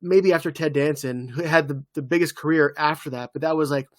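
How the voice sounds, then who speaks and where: Guy co-hosting a podcast, kinda high voice, rambly with lots of likes, dry sound. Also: fairly quick, dry recording. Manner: rambling, filler-heavy storytelling. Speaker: podcast co-host. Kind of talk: casual chat.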